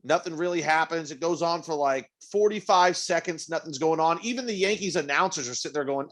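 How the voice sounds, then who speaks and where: A podcast co-host with a somewhat high voice talks a little fast, barely pausing, as he tells a story in casual conversation. It's animated and full of swearing, with acted-out quotes and asides.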